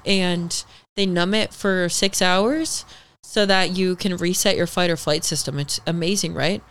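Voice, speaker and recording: A young woman appears as a podcast guest, sharing a personal story in a casual chat. She's animated and swears freely, acting out the people she quotes, and her voice sits fairly low with a slightly slow delivery.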